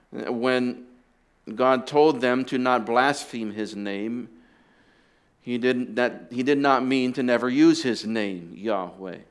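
A pastor preaching a sermon, explaining deliberately and dropping in casual asides to the congregation. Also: male voice, fairly low pitch. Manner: deliberate teaching with conversational asides.

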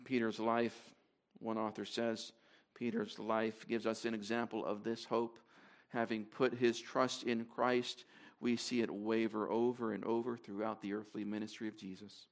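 A man's voice: fairly low pitch, little pitch movement, normal speed. A man preaching to a congregation in a conversational way, with fillers and restarts as he reads scripture aloud. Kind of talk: sermon.

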